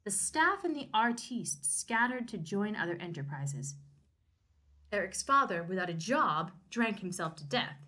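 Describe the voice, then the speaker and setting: A woman co-host reading a novel aloud and joking about it, animated and quick to laugh. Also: medium pitch. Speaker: podcast co-host.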